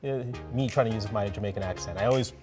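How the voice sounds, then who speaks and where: A man's voice: fairly low pitch, very fast, over music. A man anchoring a morning TV news show, reading stories and joking with co-hosts. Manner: lively, joking.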